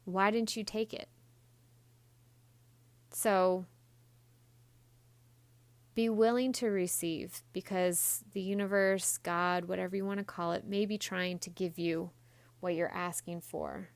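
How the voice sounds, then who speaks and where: A woman's voice: lowish voice, steady tone, unhurried, clean tone, no echo. A woman hosting a self-help podcast in a blunt, chatty monologue, swearing casually and acting out quoted voices. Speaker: podcast host.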